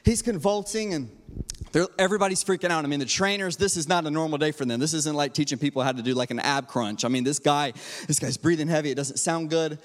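Male pastor, high voice, energetic humorous sermon, quiet asides to loud exhortation, long hall reverb. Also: quick pace. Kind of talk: sermon with personal storytelling.

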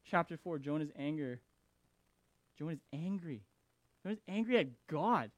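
A male pastor preaching a sermon, animated and emphatic with dramatic pauses. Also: on the high side, dry recording.

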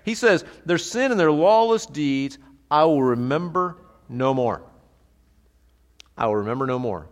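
A pastor teaching a sermon in a conversational, animated way, asking the congregation rhetorical questions. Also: male voice, fairly high pitch, unhurried, long reverb tail.

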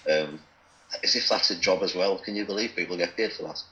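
A man's voice: low voice, brisk, bright, forceful tone, highs cut off, a little hiss or hum. A man with a Geordie accent from Newcastle, chatting casually and bluntly, swearing freely. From Newcastle, England. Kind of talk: casual chat.

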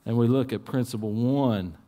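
A man preaching a sermon in a church, earnest, dropping to soft low asides and rising to urgent appeals. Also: moderate pace. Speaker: pastor.

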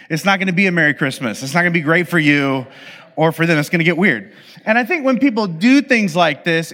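A man's voice: on the high side, fairly bright tone. Man preaching in a reverberant hall. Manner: conversational and playful, acting out quoted voices. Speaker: pastor. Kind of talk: sermon.

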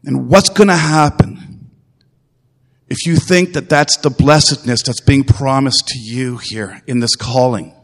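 A man's voice: medium pitch, unhurried, big-room sound. A man preaching a sermon as pastor, earnest and emphatic, repeating phrases and putting direct questions to his listeners.

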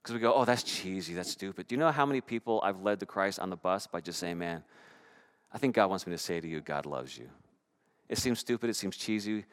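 A middle-aged man preaching a sermon, telling stories in an animated way and swinging from loud to hushed. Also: lowish voice, fast talker. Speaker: pastor.

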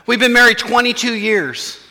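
A man's voice: very high voice, moderate pace, sharp tone, in a large hall. A man, preaching a sermon in a church in a conversational way and acting out the voices of his listeners. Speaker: pastor.

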